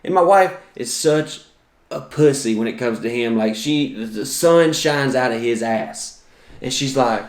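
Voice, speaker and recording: A man's voice: medium pitch, lively intonation, a little slow, echoey room. Profane man telling comic stories. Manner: profane, exaggerated, self-mocking. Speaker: podcast host and comedian. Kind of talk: comedic storytelling monologue.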